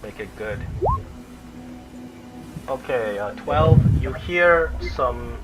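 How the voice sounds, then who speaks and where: A man's voice: medium pitch, expressive, very slow, loud music behind the voice, low-quality recording. A man running a tabletop game as game master, talking casually and often restarting his sentences.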